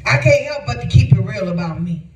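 High-voiced man preaching in an echoey room. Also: brisk, distant mic, dull audio. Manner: conversational, animated preaching with laughter. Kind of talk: sermon.

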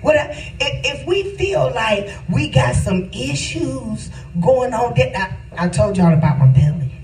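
Slow-talking woman pastor in an echoey room. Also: fairly high pitch, very animated, a little mellow, recorded from a distance, a little hiss or hum. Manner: emphatic, repetitive, preacherly cadence. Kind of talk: casual spiritual testimony.

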